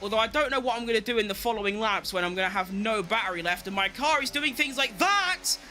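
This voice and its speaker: A young man giving excitable live commentary on his racing game, talking to himself and swearing at rivals and his car. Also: high voice, quick pace, faint music behind. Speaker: game streamer.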